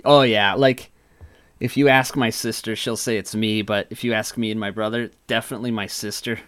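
A man in casual podcast chat, telling stories about his childhood in a relaxed way and swearing freely. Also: fairly low pitch, normal speed, clear, resonant tone. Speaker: podcast host.

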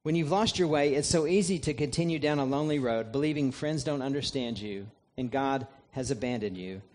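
Man preaching a measured sermon. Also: mid-range voice, darkish tone. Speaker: pastor.

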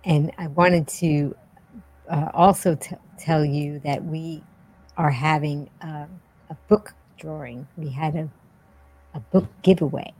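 Low-voiced woman hosting a chat show. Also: steady tone, slow pace, darkish tone, husky, rough recording. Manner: chatty, with frequent restarts. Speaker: podcast host. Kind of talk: casual interview chat.

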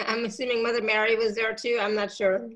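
A woman hosting a live call, reading out viewer comments in a casual, reassuring, chatty way, her throat catching and gravelly. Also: on the high side, flat delivery, normal speed, fairly bright tone. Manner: reassuring, chatty, with many fillers. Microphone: video call.

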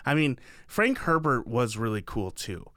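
Bright, jokey male podcast co-host. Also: mid-range voice, sing-song, a little slow, no room sound, clean studio sound. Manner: jokey, rambling, many restarts and "like"s. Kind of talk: casual chat.

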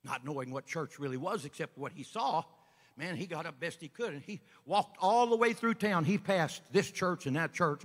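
A man preaching a sermon as an evangelist, folksy storytelling that builds up to shouting. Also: a little high, lively intonation, moderate pace, in a large hall. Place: church sanctuary.

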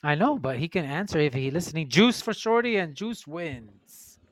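A man hosting a casual group chat, briskly calling out movie matchups and tallying everyone's votes. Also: on the high side, animated. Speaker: host running a movie vote.

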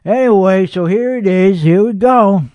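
A belligerent, foul-mouthed comedian rants and rambles, played by a man. His voice sits high for a man, recorded close and dry with no room sound. He jabs and boasts in a rough, combative comedic podcast style. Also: normal speed, mellow, no echo, close to an everyday voice. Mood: angry ranting. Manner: profane ranting, rambling and belligerent. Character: hot-headed, foul-mouthed, boastful male comedian host. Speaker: podcast host. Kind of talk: comedic character monologue.

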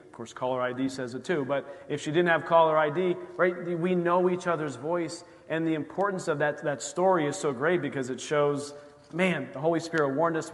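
A man's voice: on the high side, big-room sound. A male pastor preaching a sermon in a conversational way, often acting out quoted voices. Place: church sanctuary.

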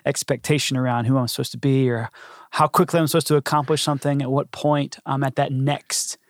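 Male podcast host, fry in the voice, self-mocking, casual. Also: medium pitch, level tone, brisk, no room sound, clean studio sound. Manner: joking, self-deprecating, chatty. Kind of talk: casual chat.

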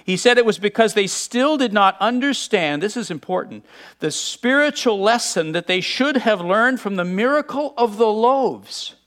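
A man with a fairly high voice preaches a sermon. He talks to the congregation in a conversational way and acts out the voices of the people in the story with lively bursts. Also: moderate pace. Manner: conversational and animated, acting out quotes.

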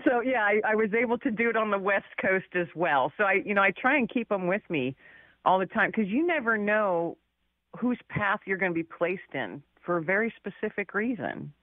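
A woman's voice: mid-range voice, lively intonation, moderate pace, no room sound, phone-quality sound. A woman guest author telling a personal story in a chatty, casual way, laughing often and using many fillers.

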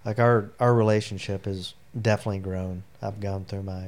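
A middle-aged veteran shares heartfelt personal stories during a long interview, wandering off track and using plenty of fillers. He talks briskly in a fairly low, darkish voice with a steady tone.

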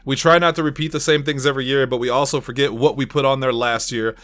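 A man hosting a podcast and chatting casually, loud and ranting, swearing freely. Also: medium pitch, steady tone, fast talker. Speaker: podcast host.

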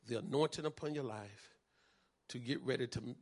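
A man, preaching a sermon as pastor, moving from calm teaching to shouted fervor. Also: medium pitch, moderate pace.

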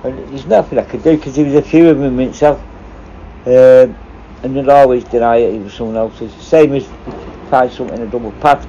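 A man's voice: medium pitch, steady tone, brisk, warm tone. A man, a former prison officer, telling rambling, swear-filled stories in casual chat. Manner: swears constantly, rambling anecdotes. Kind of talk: casual storytelling. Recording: dull lo-fi with faint noise.

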